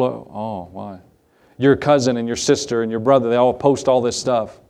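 This man's sermon comes in a brisk, steady mid-range voice. Preaching emphatically, he circles back to key phrases, poses rhetorical questions, and alternates between loud stretches and quiet asides.

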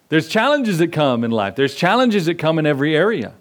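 A man's voice: a little high, big pitch swings, brisk. A middle-aged male pastor preaching a sermon in a conversational way, acting out voices in his stories.

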